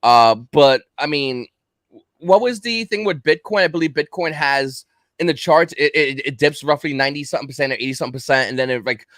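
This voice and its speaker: A man telling a story in casual chat on a livestream, acting out the quotes in an animated way. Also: a little high, brisk, no echo, clean studio sound. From Kentucky. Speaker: livestream guest.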